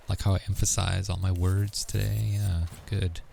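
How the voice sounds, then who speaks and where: A man's voice: deep voice, level tone, unhurried, creaky, mellow, slight background noise. A man chatting casually to his viewers while playing a game, rambling with lots of fillers and muttering to himself. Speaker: streamer. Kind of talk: casual gaming livestream chat.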